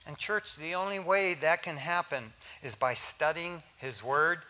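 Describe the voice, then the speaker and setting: An older man, a pastor, preaching a sermon in a lively, joking way to his congregation. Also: a little high, measured pace.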